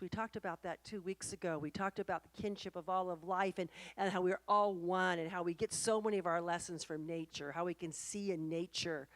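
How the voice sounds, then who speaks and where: A woman's voice: mid-range voice, dry recording. Earnest woman minister preaching. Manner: warm, earnest, reflective preaching with storytelling. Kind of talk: sermon. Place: church or spiritual center.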